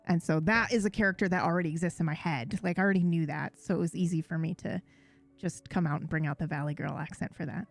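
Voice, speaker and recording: A woman's voice: on the low side, fairly even intonation, fast, vocal fry, faint music behind. A woman co-hosting a casual chat podcast, talking in an enthusiastic, gushing way. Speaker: podcast co-host.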